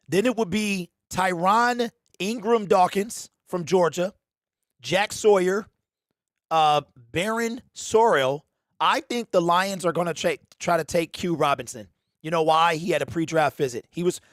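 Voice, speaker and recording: A man hosting a casual fan livestream, animated and slangy, talking straight to his chat. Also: high-pitched, measured pace, no room sound, studio quality. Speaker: livestream host.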